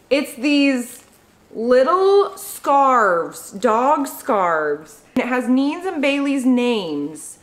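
Gushing young woman vlogger. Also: high voice. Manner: gushing, excited, chatty. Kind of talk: casual unboxing vlog.

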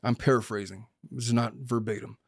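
A man's voice: medium pitch, fairly even intonation, a little fast, gravelly, breathy edge, dry recording, studio quality. A man hosting a podcast as a lawyer, talking through a case in a blunt, opinionated and emphatic way. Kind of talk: casual legal commentary chat.

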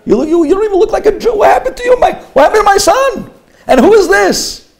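A man voicing an old, anguished Jewish father who pleads and repeats himself in a high, strained voice. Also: sing-song, quick pace, heavily acted. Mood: distraught.

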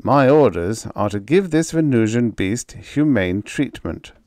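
A man's voice: mid-range voice, expressive, measured pace, darkish tone, no echo, voice pushed up, close to an everyday voice. A man doing a stern, commanding ship captain. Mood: firm. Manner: commanding, firm. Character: stern, stubborn male spaceship captain.

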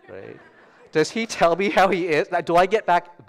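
A middle-aged man giving a storytelling sermon at a church service, chatty and self-deprecating, shifting between hushed asides and loud animated bursts. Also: fairly high pitch, a little fast, clean tone. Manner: conversational, self-deprecating, often asks "right?". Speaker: guest preacher.

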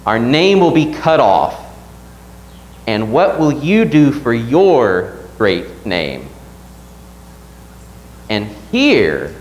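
A man's voice: fairly high pitch, roomy sound, rough recording. A man teaching a Sunday Bible class at church, reading scripture aloud and asking the class questions.

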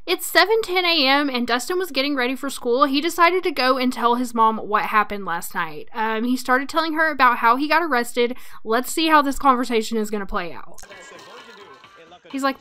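A woman casually commenting on her life-simulation gameplay, chatty and quick to laugh. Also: sits high, lively intonation, sharp tone, smooth. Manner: chatty, laughs often, frequent ums. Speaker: let's play narrator.

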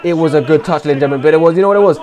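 A young man giving loud, swearing live commentary over a football video game, swinging from shouts to low mutters. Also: very fast. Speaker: gaming streamer.

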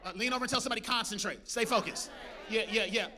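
A man preaching a lively sermon as pastor, calling out to the congregation and joking between points. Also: high-pitched, fast talker, crowd noise. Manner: preachy call-and-response with congregation, humorous asides. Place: church.

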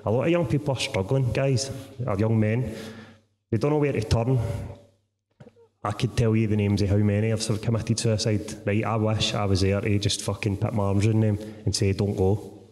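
A Scottish man who is a guest author, telling animated, sweary stories and asking "right?" a lot in a live podcast conversation on a theatre stage. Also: on the low side, a little fast. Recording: reverberant theatre hall.

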